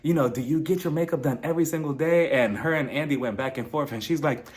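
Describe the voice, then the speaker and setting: A man's voice: on the high side, quick pace, darkish tone. A young man hosting his own channel, giving a casual, gossipy recap of a reality show reunion and mimicking cast members' voices as he retells scenes. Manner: chatty and gossipy, laughs while retelling, does mocking voices of cast members. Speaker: reality TV reviewer, channel host.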